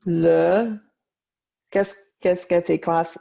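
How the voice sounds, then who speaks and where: Slow, gravelly woman teacher, lo-fi. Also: mid-range voice, darkish tone. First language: English. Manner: slow, deliberate modelling of French sentences. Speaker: French teacher. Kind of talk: recorded online lesson. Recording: dull lo-fi audio.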